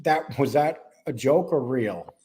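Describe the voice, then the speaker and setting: A mid-range male voice with lively intonation and a dark tone, a little slow. He's a podcast host from New York with a New York accent blended with Wisconsin, chatting casually and rambling across topics.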